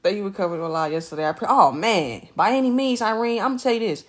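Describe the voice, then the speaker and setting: A woman streaming live from her bed at home, greeting viewers by name in animated, slangy casual chat. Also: mid-range voice, fast talker.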